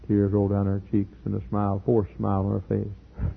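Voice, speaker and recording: Middle-aged man, pastor preaching a sermon, gravelly, tinny lo-fi tape sound. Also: fairly low pitch, completely flat delivery, a little fast. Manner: earnest, builds to loud emphatic peaks, repeats words. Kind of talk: sermon storytelling.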